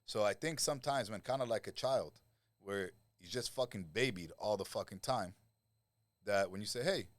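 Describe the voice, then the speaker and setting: Blunt, profane man with a low voice. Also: moderate pace, dry recording. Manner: blunt, animated storyteller who swears freely and acts out quoted voices. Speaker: guest, lifestyle coach. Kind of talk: casual podcast conversation.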